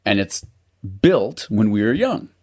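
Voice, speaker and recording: A man's voice: lowish voice, big pitch swings, unhurried, darkish tone, no room sound, studio quality. A man co-hosting a casual podcast chat, rambling, swearing freely and laughing at himself. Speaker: podcast co-host.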